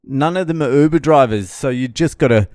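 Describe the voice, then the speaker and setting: A man's voice: mid-range voice, fairly quick, dry recording, studio quality. A middle-aged man swearing freely as he recounts a stressful arrival in a casual travel vlog. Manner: swearing, animated storytelling. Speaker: vlogger.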